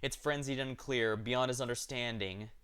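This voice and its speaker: A man's voice: medium pitch, fairly even intonation, moderate pace, fairly bright tone, smooth. A man streaming as he narrates a game story aloud, reading steadily with occasional slips and corrections.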